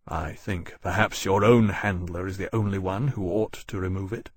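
A courteous, kind captain speaks in a low, gentle and formal way, slightly husky. A man voices him in an audiobook. The sound is dry and close. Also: steady tone, moderate pace, no room sound. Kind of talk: audiobook narration.

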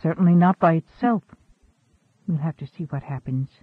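A man reads an ageless, secretive woman scientist who speaks in a calm, measured, quietly firm way. The voice sits high, with a tinny, phone-like narrow band. There is no room sound at all. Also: breathy edge, no echo. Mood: reflective. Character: centuries-old secretive woman scientist, composed and cool.

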